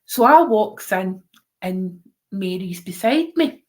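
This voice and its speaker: A woman's voice: medium pitch, lively intonation, slow. A Scottish woman telling a funny story in casual chat, swearing, laughing often and acting out the other voices. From Scotland.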